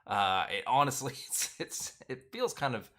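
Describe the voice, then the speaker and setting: A man's voice: mid-range voice, sing-song, normal speed, bright, forceful tone. A man hosting his own recap show, talking loosely with lots of filler words and strong opinions. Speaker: host of a reality TV recap channel. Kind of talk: casual episode recap chat.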